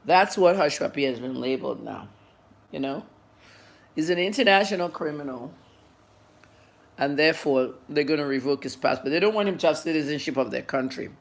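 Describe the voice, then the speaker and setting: A woman's voice: low voice, expressive, brisk, pauses often. A journalist in her fifties giving a livestreamed news update, blunt and scolding her viewers while she eats and talks. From Nigeria. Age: 50s.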